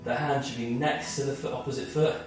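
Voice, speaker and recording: A man's voice: mid-range voice, steady tone, a little fast, heavy reverb, far from the mic, faint music behind. A man leading a guided movement and mindfulness workout as a fitness instructor, slightly out of breath, talking through each move step by step. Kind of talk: guided exercise class.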